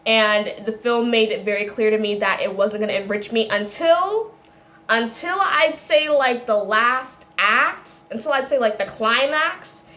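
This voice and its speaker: A woman with a somewhat high-pitched voice talks through a film review in a loose, rambling way. She keeps circling back, restarting sentences and tossing in little laughs as she goes. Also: measured pace, pushed and bright. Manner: tangent-prone, chatty, frequent fillers and self-corrections; laughs often while talking. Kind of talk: casual rambling monologue.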